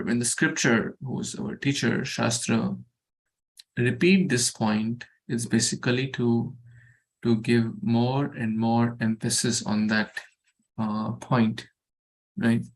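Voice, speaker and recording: Guy slowly going over a scripture verse for a study group, gravelly voice, keeps repeating words and throwing questions out. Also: mid-range voice. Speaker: scripture class teacher.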